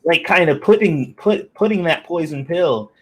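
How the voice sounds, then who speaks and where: A man's voice: fairly high pitch, expressive, moderate pace, a bit bright, husky. A man who is a guest in a casual discussion, talking in an easygoing, joking way.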